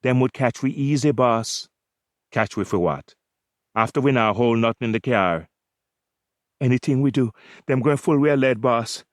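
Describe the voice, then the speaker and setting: A man's voice: mid-range voice, normal speed, long pauses, dry recording, studio quality, pitched below the performer's own voice, close to an everyday voice. A man voicing a nervous young Jamaican gang member who urgently pleads with his boss, with a Jamaican accent. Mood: anxious.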